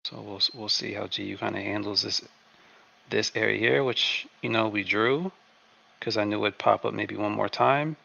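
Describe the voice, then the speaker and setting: A man talks through a live trading session in a relaxed way, often repeating himself. His voice is heavily gravelly yet bright and forceful, and sits a little low. The audio is dry and dull, like a lo-fi desk mic. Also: moderate pace, no room sound. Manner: laid-back, repeats phrases to himself. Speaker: trading stream host. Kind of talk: live market commentary.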